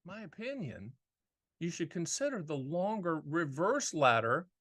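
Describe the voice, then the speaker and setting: Emphatic Southern man, bright voice. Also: on the high side, big pitch swings, measured pace, dry recording, clean studio sound. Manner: folksy and emphatic, with rhetorical questions. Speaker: annuity agent and show host. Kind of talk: casual solo video talk.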